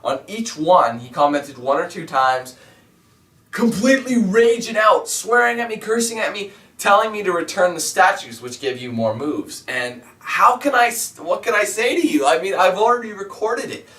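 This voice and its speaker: A man's voice: sits high, expressive, moderate pace, fairly bright tone. A man vlogging casually as a gaming YouTuber, rambling and candid, with lots of fillers. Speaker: YouTube let's player. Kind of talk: casual vlog monologue. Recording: roomy echo, mic at a distance.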